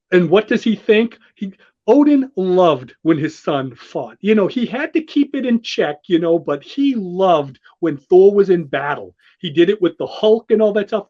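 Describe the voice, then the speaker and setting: A high-pitched man talks in an excitable, gushing ramble, often restarting his sentences. The sound is dull and lo-fi. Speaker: show host walking through a comic. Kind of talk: enthusiastic casual commentary.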